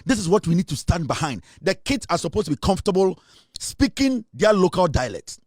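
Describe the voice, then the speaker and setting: Ghanaian male host, high-pitched, dry close sound, preachy and emphatic. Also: sing-song, brisk, a little mellow, no echo. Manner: preachy, emphatic, repeats lines for effect. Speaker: show host. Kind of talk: impassioned commentary mixing English and Twi.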